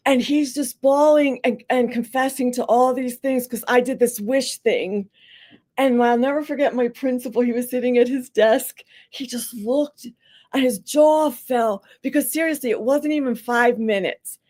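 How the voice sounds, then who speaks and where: A woman's voice: on the high side, moderate pace. A woman, a school psychologist, talking on a podcast and telling a story, acting out the people in it and filling her talk with "like" and "you know". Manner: animated storyteller who acts out quotes with a rising voice; conversational, many fillers like "like" and "you know". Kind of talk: podcast interview, teaching by story.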